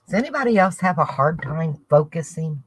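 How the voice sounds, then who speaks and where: Speaking briskly in a low, husky, sing-song voice, a Southern US woman rambles to her viewers and thinks out loud as she crafts. There's no room sound, though the recording quality is poor.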